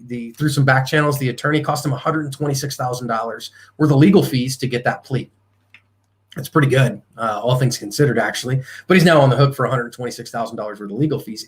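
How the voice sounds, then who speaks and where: A man giving a live self-defense seminar as the instructor, talking emphatically with fillers and restarts. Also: mid-range voice.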